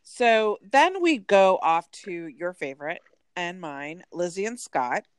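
A woman co-hosting a casual chat, animated and storytelling, full of "like" asides. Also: on the low side, slow pace, smooth, dry recording. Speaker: podcast co-host. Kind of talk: casual chat recapping a reality show.

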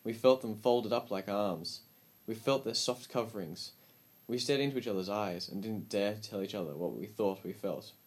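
A man reading a story aloud as an audiobook narrator, with calm, measured storytelling. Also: fairly low pitch.

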